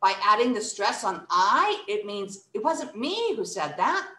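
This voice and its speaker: A woman's voice: medium pitch, big pitch swings, unhurried, sharp tone, roomy sound. A woman teaching an English workshop, speaking expressively and acting out emotions and word stress. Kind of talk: online English lesson for children.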